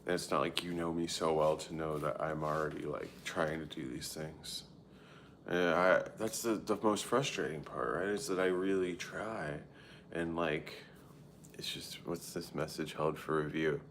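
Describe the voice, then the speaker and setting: Speaking in a bass voice with a steady tone, this thirty-something streamer talks a little slowly, his sound fairly bright over slight background noise. He chats casually and swears openly, cutting himself off and leaning on "like" while replying to viewers.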